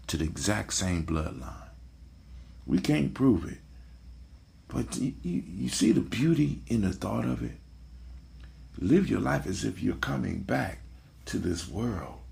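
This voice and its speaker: A man's voice: deep voice, gravelly. A man hosting a casual motivational talk, preachy, repeating his phrases and checking in with "right?". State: sleepy, yawning. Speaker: podcast host.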